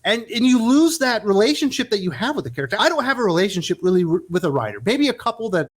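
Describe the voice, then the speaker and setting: A man with a fairly high voice that swings widely in pitch, hosting a casual chat. He talks emphatically and animatedly, building his points with examples. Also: sing-song, fast talker. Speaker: podcast host.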